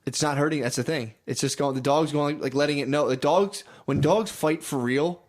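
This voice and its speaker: A man's voice: fairly high pitch, normal speed. A young man co-hosting a podcast, talking casually and defensively with a lot of profanity, often acting out quotes as he rambles. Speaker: podcast co-host. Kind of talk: casual chat.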